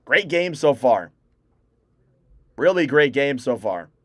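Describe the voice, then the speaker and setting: A man's voice: mid-range voice, very animated, a bit bright, no echo, clean studio sound. A young man hosting a fan livestream, giving live hockey play-by-play and calling out player names as the action moves. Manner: rapid name-calling play-by-play, self-correcting.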